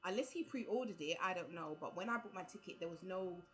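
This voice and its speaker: A woman's voice: on the low side, fairly quick, low-quality recording. A young woman, telling a travel story casually to camera and filling it with "like" and quoted dialogue. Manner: chatty, full of "like" and quoted dialogue. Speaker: vlogger.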